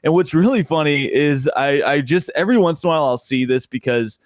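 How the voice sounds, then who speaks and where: A young man, a comedian, talking casually as a podcast guest, telling stories with frequent laughter and sudden jumps in pitch when he gets excited. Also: a little fast, no echo, studio quality.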